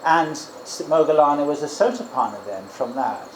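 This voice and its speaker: A man's voice: a little high, lively intonation, moderate pace, slight background noise. Musing male monk with echoey crickets. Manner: gentle, musing, frequent restarts and asides. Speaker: Buddhist monk teacher. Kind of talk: informal dharma talk and guided meditation. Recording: echoey room with loud crickets. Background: crickets and insects.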